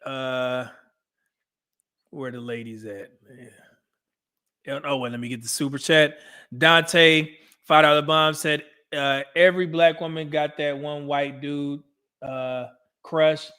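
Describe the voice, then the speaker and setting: Bright, chatty man streaming commentary. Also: a little high, little pitch movement, takes it slowly, pauses often, clean tone. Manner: laughs often, talks back to the clips, reads out chat. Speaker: streamer reacting to an old dating show. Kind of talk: casual live-stream commentary.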